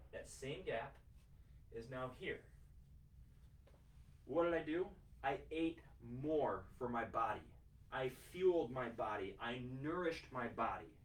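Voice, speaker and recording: A man's voice: medium pitch, recorded from a distance, a little hiss or hum. A man as a fitness coach, lecturing his podcast listeners in an emphatic, repetitive, motivational way, swearing casually. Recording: roomy sound from a mic set back.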